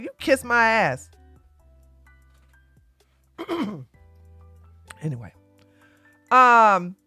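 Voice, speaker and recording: A woman hosting a casual livestream, blunt and emphatic as she lectures her viewers. Her voice sits a little high and the sound is dry and close. Quiet music plays behind her. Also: no echo. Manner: talks straight to viewers, swings from loud to quiet. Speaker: livestream host.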